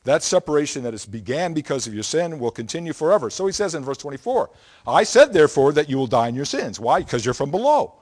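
A man's voice: a little high, very animated, fast talker, a little mellow. A man preaching a Bible lesson, explaining scripture in an emphatic, teacherly way and often checking in with the listeners.

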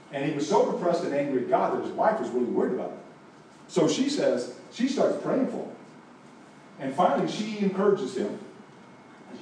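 Guy preaching a sermon, mellow dark voice, big echo, mic kinda far off. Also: mid-range voice, animated, moderate pace, a little hiss or hum. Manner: storytelling, swings from hushed to emphatic. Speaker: pastor. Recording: echoey room, voice from a distance.

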